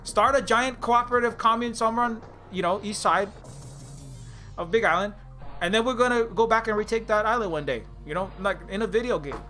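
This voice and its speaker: A man's voice: high voice, fairly quick, pushed and bright, faint music behind. A man from Hawaii, ranting angrily and sarcastically, with lots of swearing, in a casual vlog. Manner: angry profane ranting, sarcastic. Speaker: indie game developer. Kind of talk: casual rant.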